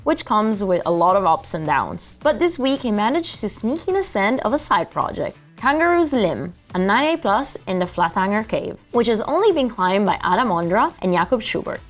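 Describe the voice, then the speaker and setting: Lively woman co-hosting climbing news. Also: medium pitch, normal speed, few pauses, soft background music. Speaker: co-host of climbing news show. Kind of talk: news show banter and read reports.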